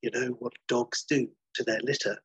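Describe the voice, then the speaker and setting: A man's voice: mid-range voice, steady tone, moderate pace, breathy edge, no room sound, dull audio. A man putting on a cooing monster mother. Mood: sinister hushed. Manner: cooing and tender, turning sinister. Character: doting mother who turns into a monster. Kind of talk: acting out a film scene.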